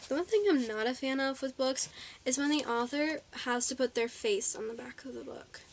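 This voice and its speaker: Rambling woman with a fairly high voice. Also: moderate pace, a little hiss or hum. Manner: rambling, full of ums and likes, corrects herself. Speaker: vlogger. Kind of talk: casual haul video chat.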